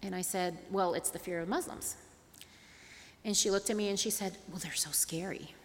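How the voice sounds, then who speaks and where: A woman's voice: medium pitch, normal speed, big-room sound, slight background noise. A middle-aged woman from Tulsa telling a personal story as an interfaith advocate, acting out the dialogue as she goes. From Tulsa, Oklahoma. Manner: animated storyteller, acts out dialogue.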